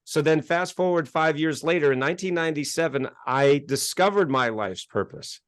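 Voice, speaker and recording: A man from the United States, a self-help author telling his life story as an interview guest, animated and acting out conversations. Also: on the high side, moderate pace, clean tone, no room sound, clean studio sound. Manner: animated, gets worked up and acts out exchanges.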